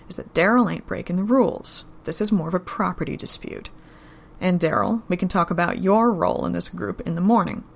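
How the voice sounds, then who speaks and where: A woman voicing a calm, measured male gang leader who speaks in an even, slow, reasoning drawl. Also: on the low side, creaky.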